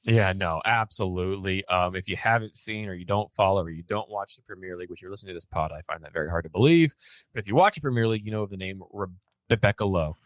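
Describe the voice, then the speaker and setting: Rambling low-voiced male podcast host. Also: quick pace, dry recording. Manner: rambling, many fillers and restarts. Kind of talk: casual sports podcast chat.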